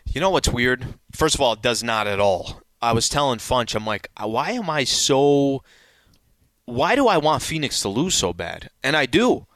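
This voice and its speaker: A man's voice: mid-range voice, big pitch swings, normal speed, a bit bright, dry recording. A man co-hosting a casual sports talk show, talking things through in a conversational way. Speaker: sports radio co-host.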